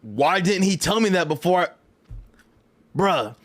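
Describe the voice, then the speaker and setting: A man telling a story in a casual vlog, animated and profane, full of slang and rambling asides. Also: high-pitched, unhurried. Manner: loose, rambling delivery with frequent "right?". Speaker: fighting game vlogger.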